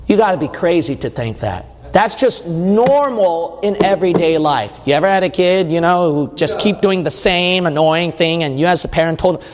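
A man's voice: on the high side, animated, moderate pace, few pauses. A man preaching a sermon in a conversational way, reading scripture and acting out quotes. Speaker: pastor. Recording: long hall reverb.

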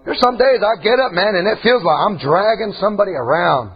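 A man preaching an impassioned sermon in a church, often breaking into shouts. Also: high-pitched, lively intonation, fairly quick, breathy edge. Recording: dull lo-fi recording.

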